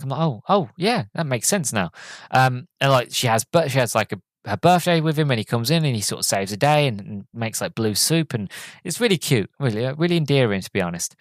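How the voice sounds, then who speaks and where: A man's voice: medium pitch, no echo. Male podcast host, mid-range voice, casual rambling review with many restarts, dry sound. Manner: rambling, self-correcting retelling. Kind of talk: solo movie review chat.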